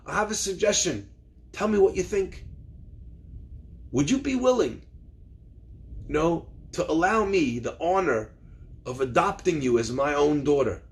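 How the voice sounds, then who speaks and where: A man voicing an older revered rabbi who speaks gently and persuasively. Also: fairly high pitch, lively intonation, unhurried, pauses often. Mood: warm, fatherly.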